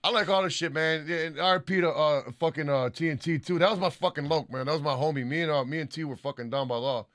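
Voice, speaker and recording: A man's voice: fairly high pitch, quick pace, few pauses, fairly bright tone, dry recording, studio quality. Profane joking podcast man. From Michigan, United States. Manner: profane, joking, reads fan messages aloud. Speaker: podcast co-host. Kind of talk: casual podcast banter.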